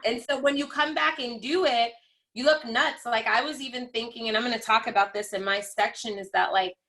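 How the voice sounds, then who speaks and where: A woman's voice: fairly high pitch, brisk, bright, forceful tone. A woman hosting a virtual call, chatting casually and thinking aloud. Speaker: host. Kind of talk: casual chat. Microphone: video call.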